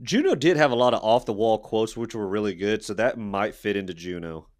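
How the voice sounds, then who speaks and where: A man's voice: lowish voice, expressive, fairly quick, no echo, studio quality. A man co-hosting a casual podcast, chatting in a laid-back, playful way. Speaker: podcast co-host. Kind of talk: casual chat, quoting movies.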